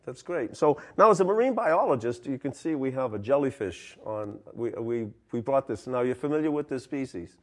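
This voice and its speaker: A man's voice: medium pitch, expressive, moderate pace, hardly any pauses. A man hosting a talk show, rambling through teasing questions and repeating his words. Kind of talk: comic mock interview.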